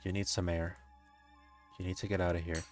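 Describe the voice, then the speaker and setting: A man's voice: low voice, flat delivery, brisk, faint music behind. A man streaming a text game, reading its narration aloud and breaking off into giggles and profane asides.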